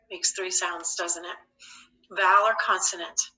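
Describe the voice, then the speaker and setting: A woman teaching young children a phonics lesson, patiently asking each question and then giving the answer. Her voice is bright and clear, and she speaks slowly. She sounds a little distant from the mic in an echoey room. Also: on the low side, fairly even intonation. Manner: slow, patient, asks questions and answers them.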